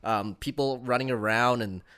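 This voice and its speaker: A man in his thirties co-hosting a casual podcast about movies, animated and laughing as he talks, often restarting his sentences. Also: mid-range voice, moderate pace, smooth. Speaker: podcast co-host. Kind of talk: casual film discussion chat.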